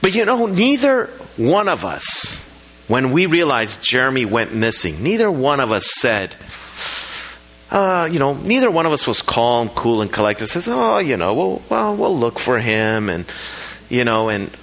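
A middle-aged man preaching a sermon, telling a personal story in an animated way, with frequent restarts. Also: mid-range voice, a little slow. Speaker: pastor.

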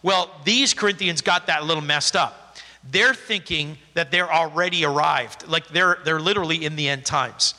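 A man preaching from the pulpit, his voice pitched high and very bright, cutting through the sanctuary. He leans hard into the scripture with stressed, rising phrases, then slips into relaxed, conversational explanation. The sound carries a long reverberant tail from the church hall. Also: normal speed. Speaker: pastor. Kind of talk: sermon with scripture reading.

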